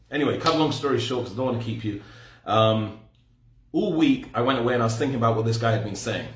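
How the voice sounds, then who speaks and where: A man's voice: mid-range voice, roomy sound. A man in his forties from England with an English accent, telling his personal story in a rambling, conversational way with frequent self-corrections. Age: 40s. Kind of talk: personal testimony talk.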